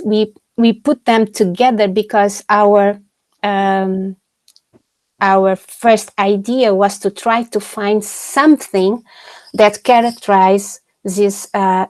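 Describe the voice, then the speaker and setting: A woman's voice: mid-range voice, darkish tone, dry recording. A woman researcher answering audience questions in an academic webinar over a video call. She talks hesitantly, with many fillers and restarts.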